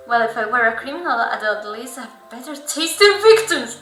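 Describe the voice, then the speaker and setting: A woman streamer reading a visual novel aloud and reacting with animated laughing asides. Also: high voice, moderate pace, few pauses. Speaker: gamer streamer. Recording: roomy echo, faint game music. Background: faint game music.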